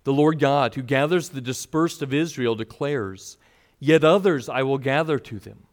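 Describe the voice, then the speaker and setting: A man preaching a sermon, reading scripture and voicing the people in the story with expressive shifts. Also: mid-range voice, moderate pace.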